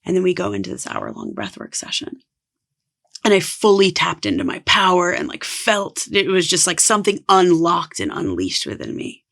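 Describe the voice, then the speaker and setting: Woman, podcast guest, spiritual coach, earnest, casual storytelling, vocal fry. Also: fairly low pitch, wildly swooping pitch, normal speed, fairly bright tone. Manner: earnest, heavy use of "like".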